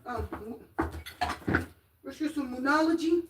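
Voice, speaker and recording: A woman hosting a live tarot reading stream, chatting casually and greeting viewers by name in a sing-song, drawn-out way. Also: sits high, very noisy.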